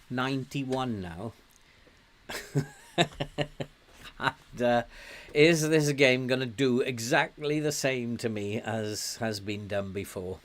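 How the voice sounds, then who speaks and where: An older man from England talks through a football management game at an unhurried, easygoing pace. He chats casually, laughs often, and gets loud cheering his players on. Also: mid-range voice. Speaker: game streamer. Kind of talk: casual gameplay commentary.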